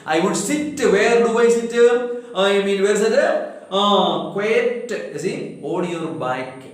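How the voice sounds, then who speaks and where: Slow, high-voiced teacher. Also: male voice, expressive, heavy reverb, low-quality recording. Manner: repeats and paraphrases words slowly, spells them out. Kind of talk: explaining a poem line by line.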